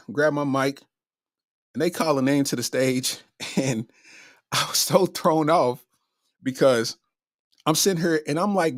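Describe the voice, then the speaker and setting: Animated man telling a story. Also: fairly high pitch, dry recording, clean studio sound. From Kentucky. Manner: animated, acts out his own reactions. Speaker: comedian host. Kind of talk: casual storytelling.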